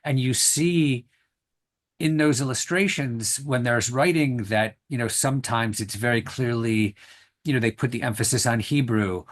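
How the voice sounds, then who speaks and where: A man's voice: mid-range voice, moderate pace. A man moderating a lecture Q&A over a video call, speaking hesitantly with many fillers and restarts.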